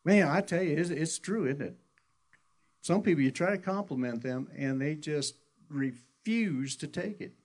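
A man's voice: a little high, lively intonation, unhurried, a little mellow. A middle-aged man preaching a sermon in a conversational, folksy storytelling way, often restarting his sentences. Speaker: pastor.

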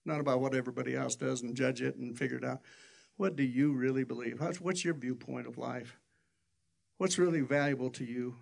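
An older man preaching a sermon, telling stories in an animated way and jumping high for quoted voices. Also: brisk, gravelly. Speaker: pastor.

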